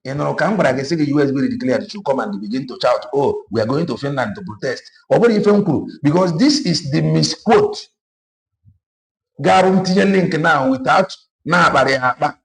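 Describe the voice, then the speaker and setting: A man with a slightly high, creaky voice and a Nigerian Igbo accent holds forth passionately on politics. This online political commentator mixes Igbo and English and drives his points with emphatic repetition.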